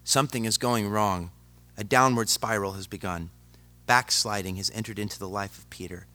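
A male preacher delivering a dramatic sermon that swings from loud to hushed and speaks straight to the congregation. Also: on the low side, fairly even intonation, moderate pace. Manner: addresses the congregation directly.

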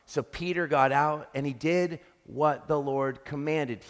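A man's voice: on the high side, fairly even intonation, unhurried, hardly any pauses. A man preaching a sermon as pastor, earnest and reflective, often restarting his sentences. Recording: long reverb of a large hall.

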